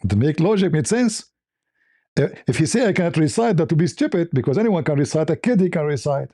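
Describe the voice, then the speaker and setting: A man's voice: on the high side, big pitch swings, fast talker, dark tone, dry recording, studio quality. Mocking, insistent male livestream host. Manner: mocking, insistent, laughs at his own points. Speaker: livestream host debating a caller. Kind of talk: argumentative livestream call-in debate.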